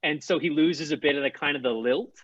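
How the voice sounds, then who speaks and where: A man's voice: on the high side, fairly quick, fairly bright tone, no room sound. Man rambling on a video call. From Newfoundland, Canada. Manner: rambling, many fillers and restarts. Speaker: guest. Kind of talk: casual video call chat. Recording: dull lo-fi video call audio.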